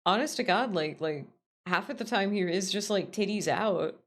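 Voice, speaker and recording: A woman's voice: mid-range voice, normal speed. A woman streaming a game, chatting casually with viewers in a playful, teasing way and laughing often. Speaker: VTuber streamer. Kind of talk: casual live-stream chat.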